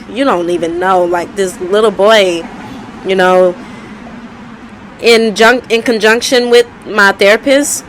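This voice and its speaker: A woman's voice: medium pitch, fairly bright tone, slight background noise, poor audio. A woman telling her life story in a candid, conversational way, often repeating herself. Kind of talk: personal storytelling vlog.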